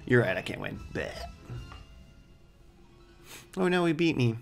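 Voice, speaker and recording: A man's voice: medium pitch, sing-song, measured pace, gravelly, soft background music. A man hosting a let's play, giving casual gameplay commentary with joking, rambling asides.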